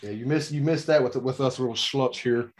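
A man's voice: medium pitch, fairly quick. A man co-hosting a podcast, chiming in with easygoing, self-deprecating remarks about a film. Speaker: podcast co-host. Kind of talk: casual film discussion.

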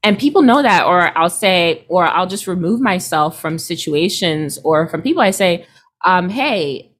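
A woman in her thirties, a healer, chatting casually and acting out quoted people with lively swings in her voice. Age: 30s. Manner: expressive, acts out quoted people with big pitch jumps. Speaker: guest, healer. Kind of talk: casual podcast conversation.

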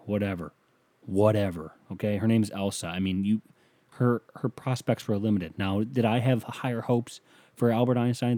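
A man with a warm, lowish voice hosts a casual solo podcast from a small home studio, sitting close to a sensitive mic with no echo. He rambles, talks crudely, and pokes fun at himself.

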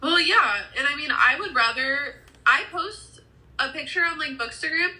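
Sleepy woman co-host with a bright voice. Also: sits high, expressive, moderate pace, poor audio. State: sleepy, yawning. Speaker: podcast co-host. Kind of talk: casual chat.

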